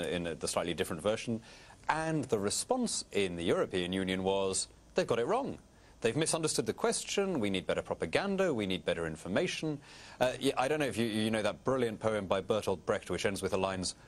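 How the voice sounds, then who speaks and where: A middle-aged British man, a guest on a TV interview, talking in an articulate, wry way. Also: fairly low pitch. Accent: British English. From Britain. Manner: articulate, wry, animated storytelling. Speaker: guest politician.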